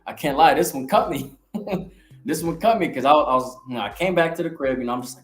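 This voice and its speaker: A man's voice: medium pitch, expressive, brisk. A man giving a casual preaching testimony from his ministry, reading scripture aloud. He talks bluntly, swears, and keeps checking in with "all right?". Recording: roomy echo, faint music behind.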